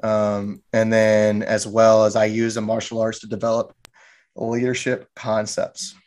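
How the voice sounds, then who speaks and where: A man's voice: on the low side, flat delivery, unhurried, darkish tone. A man who teaches martial arts, talking as a podcast guest in a loose, joking, rambling way with many restarts. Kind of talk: casual interview talk.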